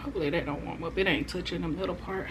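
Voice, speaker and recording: A woman's voice: on the low side, fairly even intonation, rapid-fire, background noise. Chatty woman talking between bites. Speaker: food vlogger. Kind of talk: casual mukbang chat.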